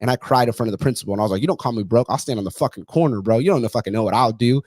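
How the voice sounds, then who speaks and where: Fast-talking blunt guy, swears a lot, dry close sound. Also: medium pitch, darkish tone, no echo. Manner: blunt, profane storytelling. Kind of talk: casual conversation.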